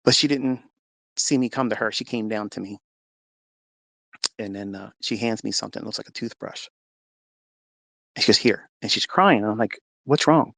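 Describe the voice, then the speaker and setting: Man, gravelly mid-pitched voice, earnest emotional storyteller, dry close phone sound. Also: normal speed, long pauses, no echo. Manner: earnest, animated, voice rises and falls with the story. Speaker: speaker sharing a faith testimony. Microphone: phone in a live audio room.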